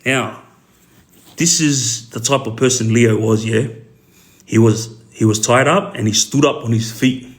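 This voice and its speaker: A middle-aged Australian man speaks at a mid pitch. He tells a story casually and rambles through it. He fills his talk with "um" and frequent asides to the listener. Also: moderate pace. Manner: rambling, full of fillers and asides.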